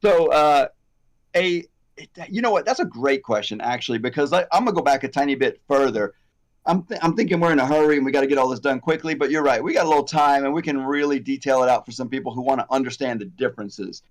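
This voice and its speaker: A man's voice: medium pitch, fast talker. Rambling, chatty male salon educator. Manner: rambling, animated, self-deprecating, frequent fillers. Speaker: hair extension educator, host. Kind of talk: casual conversational chat.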